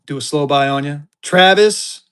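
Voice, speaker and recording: Upbeat male livestream seller, slightly high voice, chatty and excited auction patter. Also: normal speed, clear, resonant tone. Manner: excited, chatty, talks straight to viewers. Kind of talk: live auction stream chat.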